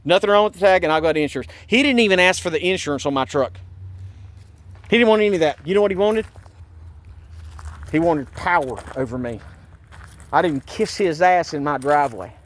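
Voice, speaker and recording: Guy venting outside about a traffic stop, keeps repeating himself, kinda high-pitched. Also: animated, brisk, long pauses, no echo. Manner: agitated, indignant, repeats himself. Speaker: vlogger recounting a police stop. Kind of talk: angry personal vlog.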